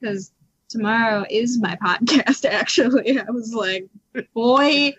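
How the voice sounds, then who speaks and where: Animated woman telling a story. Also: on the high side, a little slow, breathy edge. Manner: animated, laughs often, acts out quotes. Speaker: podcast co-host. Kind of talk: casual storytelling chat. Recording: dull lo-fi podcast audio.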